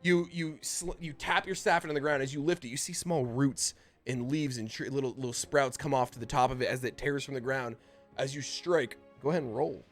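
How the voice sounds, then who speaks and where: A man running a tabletop game as game master, narrating combat and explaining rules in a casual, halting way full of restarts. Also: medium pitch, fairly even intonation, soft background music.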